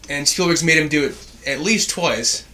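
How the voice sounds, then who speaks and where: Young male co-host, crisp bright voice, plainspoken takes in casual chat. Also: fairly high pitch, normal speed. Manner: blunt, short opinions. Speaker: podcast co-host.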